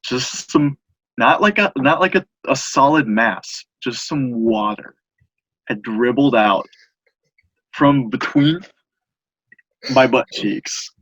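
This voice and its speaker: A young man casually telling a long funny story on a podcast, animated and acting out other people's lines. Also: mid-range voice, slow, long pauses, slightly rough, no echo, low-quality recording. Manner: animated, laughing storyteller acting out quoted voices.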